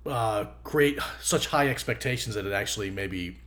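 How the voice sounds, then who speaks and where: A man's voice: fairly low pitch, normal speed, fairly bright tone. American man hosting an interview. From United States. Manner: brief prompts and clarifying questions. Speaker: podcast host. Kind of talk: casual interview.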